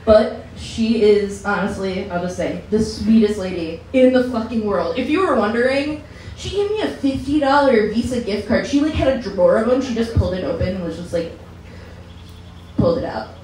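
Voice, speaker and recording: A woman's voice: mid-range voice, normal speed, darkish tone, a little hiss or hum. A woman doing a stand-up comedy set, chatty and loose, who often laughs through her own lines. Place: comedy lounge stage. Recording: echoey room, mic from far.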